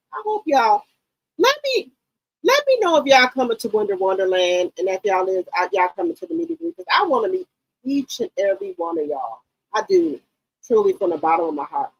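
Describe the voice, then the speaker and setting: An outspoken woman in her late forties or fifties hosts a gossip chat. Her voice sits a little high and husky, and it swings up and down in lively swoops. The sound is dry and close. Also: no echo, rough recording. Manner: animated, outspoken and profane. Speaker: gossip channel host. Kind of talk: casual commentary to viewers.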